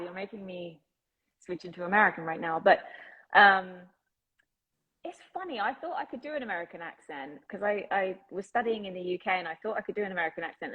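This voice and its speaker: Chatty English actress, laughing easily. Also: female voice, mid-range voice, brisk, phone-quality sound. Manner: chatty and enthusiastic, laughs often. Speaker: actress guest. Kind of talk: casual interview chat.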